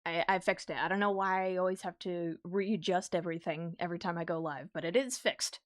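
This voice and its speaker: A young woman streamer chatting casually with her viewers while she draws, easily excited and quick to laugh. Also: fairly low pitch, dry recording, clean studio sound. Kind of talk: casual livestream chat while drawing.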